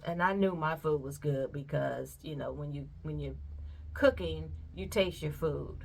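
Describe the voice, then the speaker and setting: A woman's voice: low voice, creaky, fairly bright tone, a little hiss or hum. A middle-aged woman, chatting casually and laughing as she reminisces while she works on a craft. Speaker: vlogger. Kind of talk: casual chat while pouring paint.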